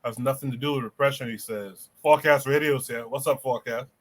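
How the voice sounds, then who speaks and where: A man hosting a podcast who reads viewer chat comments aloud in a quiet, low-key way. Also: steady tone, fast talker. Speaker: podcast host reading chat.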